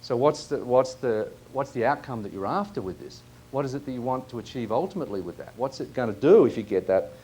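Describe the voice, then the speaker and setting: Male workshop presenter, questioning, mid-pitched voice. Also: fast, hardly any pauses, a little hiss or hum. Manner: questioning, lively, asks audience members. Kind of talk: live workshop coaching. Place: seminar room.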